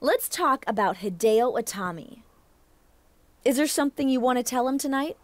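An actress voicing a backstage interviewer in a wrestling video game, with brisk presenter lines. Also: female voice, a little high, animated, dry recording, natural voice. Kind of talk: scripted TV-style interview lines.

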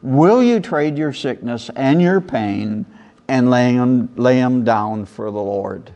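A male pastor preaching a sermon with lively emphasis, reciting and chanting scripture lines. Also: medium pitch, slow, muffled recording.

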